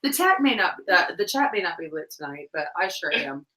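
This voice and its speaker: A young woman co-hosting a casual livestream chat, rambling and giggling, getting loud and excited as she tells stories. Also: lowish voice, a little fast, distant mic. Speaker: livestream co-host. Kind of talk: casual chat while cleaning tack. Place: room at home. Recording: roomy echo.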